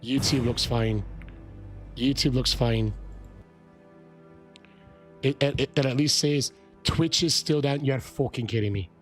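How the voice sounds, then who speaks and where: A man live-streaming a game, chatting with viewers, shouting excited greetings and swearing. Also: medium pitch, a little slow, pauses often, faint music behind. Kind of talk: live-stream chat while gaming.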